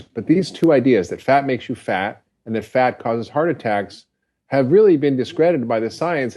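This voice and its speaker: A man's voice: mid-range voice, a little mellow. Earnest male doctor explaining on a podcast. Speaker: physician guest. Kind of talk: casual interview chat.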